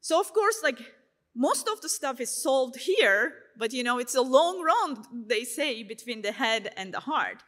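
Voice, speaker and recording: A woman from Turkey, giving a faith testimony to a live audience in a lively storytelling way, full of "you know" and "like". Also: high voice, unhurried. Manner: lively storytelling, voices her own past thoughts in asides; frequent fillers like "you know" and "like". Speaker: speaker sharing her faith testimony. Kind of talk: conference talk to a live audience.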